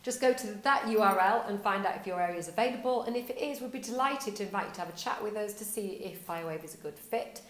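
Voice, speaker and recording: A woman's voice: medium pitch, fast talker, few pauses. A woman giving a casual whiteboard explainer to camera, upbeat and conversational, asking rhetorical questions as she presents a marketing tip. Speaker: estate agency owner presenting a marketing tip. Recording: echoey room.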